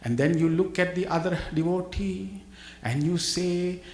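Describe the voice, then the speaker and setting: A man giving an animated spiritual talk to a live audience, acting out little scenes and chuckling often. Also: sits high, unhurried. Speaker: guest speaker at a spiritual gathering. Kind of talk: spiritual talk with humorous anecdotes. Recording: roomy hall echo.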